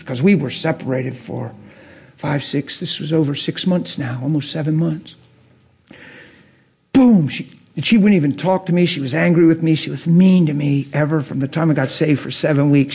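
Husky, animated male preacher. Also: fairly high pitch. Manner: animated storytelling, wide swings from hushed to loud; laughs through his words. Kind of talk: testimony sermon.

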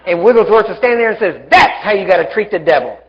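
High-voiced man preaching fervently. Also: lively intonation, fast, heavy background noise. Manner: fervent, commanding, rising to shouts. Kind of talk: sermon. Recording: dull lo-fi live recording.

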